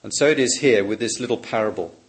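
Preaching with measured emphasis, a man with a voice on the low side lifts his tone on questions. He lets it fall softly on the words that matter most.

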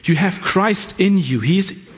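Male preacher, high-pitched voice, husky tone, earnest conversational sermon, frequent restarts. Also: a little slow.

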